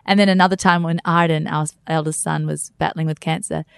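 Woman cohost rambling thru a story, lively, dry close mic. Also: sits low, a little fast, creaky, smooth, dry recording. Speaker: co-host. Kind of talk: casual chat.

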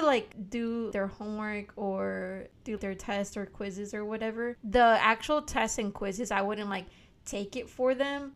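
Young female co-host, mid-pitched, relaxed, casual and conversational. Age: young adult. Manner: relaxed, frequent agreeing fillers. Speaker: podcast co-host. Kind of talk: casual chat.

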